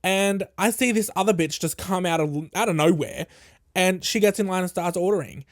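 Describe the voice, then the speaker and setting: A male podcast host telling a casual, animated story full of swearing, acting out what other people said. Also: high voice, normal speed, dry recording, clean studio sound. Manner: animated, profane, acts out quoted people.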